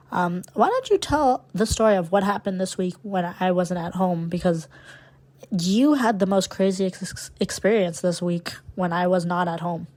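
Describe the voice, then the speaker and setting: A young woman co-hosting a podcast, telling a story in an animated, profane, dramatic way. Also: lowish voice. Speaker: podcast co-host. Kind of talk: casual storytelling chat.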